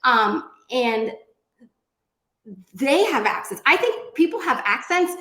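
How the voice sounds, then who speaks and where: A woman's voice: high-pitched, sing-song, slow pace, bright, forceful tone, roomy sound. A woman speaking as a panelist at a round table discussion, talking in a chatty way with many fillers and restarts. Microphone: video call.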